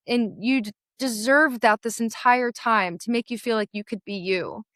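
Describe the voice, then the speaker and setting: A woman's voice: on the high side, steady tone, moderate pace, hardly any pauses, fairly bright tone, clean tone, dry recording. A woman hosting a podcast and coaching, speaking in an affirming, emotional way, close to tears. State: teary, laughing. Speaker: podcast host and sales coach. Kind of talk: casual interview conversation.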